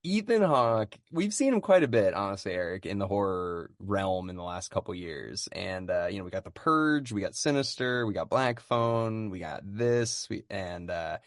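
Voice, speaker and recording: A man hosting a casual podcast who jokes around and rambles while steering the talk. His voice is fairly low. The recording is dry, with no room sound. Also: big pitch swings, normal speed, hardly any pauses, no echo. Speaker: podcast host. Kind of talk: casual chat.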